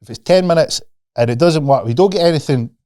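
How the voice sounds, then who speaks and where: A man's voice: a little high, quick pace, dark tone, dry recording, clean studio sound. A man, a podcast guest and mindset coach, talking casually and animatedly, swearing freely and acting out the voices of the people he quotes.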